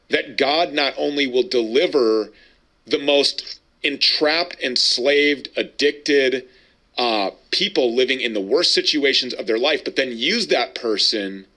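A male host of a Christian talk show who speaks with emphatic, preacher-like conviction. His voice has a bright, forward edge. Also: medium pitch.

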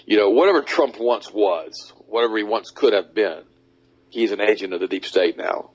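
Man, talk radio host, low husky voice, emphatic rants, dull lo-fi sound. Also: normal speed. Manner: emphatic, mocks others in high put-on voices. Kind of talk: animated talk radio monologue. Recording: dull lo-fi audio.

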